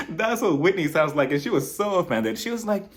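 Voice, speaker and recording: A young man hosting his own channel, giving a casual, gossipy recap of a reality show reunion and mimicking cast members' voices as he retells scenes. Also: a little high. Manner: chatty and gossipy, laughs while retelling, does mocking voices of cast members. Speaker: reality TV reviewer, channel host.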